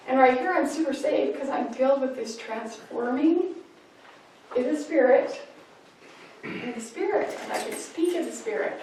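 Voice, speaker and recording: A woman giving a parenting workshop talk, lively and acting out little scenes as she teaches. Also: sits high, a little hiss or hum. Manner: lively, acts out scenes in voices. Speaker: parenting class speaker. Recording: echoey room, mic far off.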